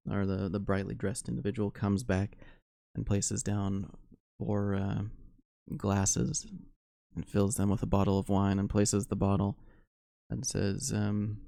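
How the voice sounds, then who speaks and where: A man narrating a solo tabletop game as game master, unhurried and full of fillers. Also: on the low side, gravelly, mellow, no room sound.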